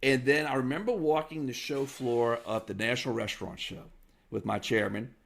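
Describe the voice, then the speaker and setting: A man's voice: mid-range voice, normal speed, gravelly, a bit bright. A man hosting a podcast interview, who listens and affirms, then reflects on his own career and mentors. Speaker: podcast host. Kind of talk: conversational interview.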